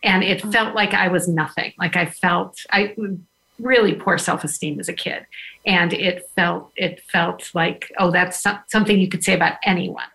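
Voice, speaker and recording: A woman guest on a talk show, speaking thoughtfully and earnestly, with some halting restarts. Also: lowish voice, fairly even intonation, vocal fry, sharp tone, poor audio. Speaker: podcast host and guest. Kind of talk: casual chat.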